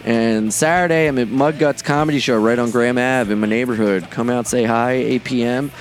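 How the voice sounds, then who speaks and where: A man hosting his own podcast, a comedian talking in a brash, profane, excitable monologue. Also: medium pitch, brisk. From Delaware. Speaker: podcast host and stand-up comedian.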